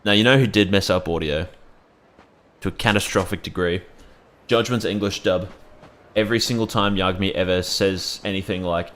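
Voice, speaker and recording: A man's voice: deep voice, steady tone, moderate pace, a bit bright, slight background noise. A young man giving casual, joking let's-play commentary, rambling and swearing freely as he plays. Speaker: gameplay commentator.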